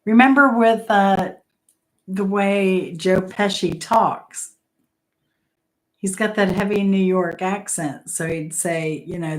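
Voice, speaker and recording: Over poor audio, a middle-aged woman with a mid-range voice runs a casual trivia game on a live stream at a slow pace. She chats, laughs often, reads out the questions, and welcomes viewers by name.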